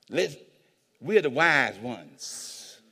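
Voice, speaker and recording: A man preaching a sermon as pastor, animated, acting out voices and swinging between hushed asides and shouts. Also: medium pitch, extremely slow, slightly rough. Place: church hall with long reverb. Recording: reverberant hall.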